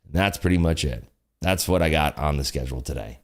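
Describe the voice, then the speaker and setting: Very deep-voiced laid-back male streamer. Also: brisk. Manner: rambling, laid-back, lots of fillers. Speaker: futures trading livestream host. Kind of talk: casual livestream commentary.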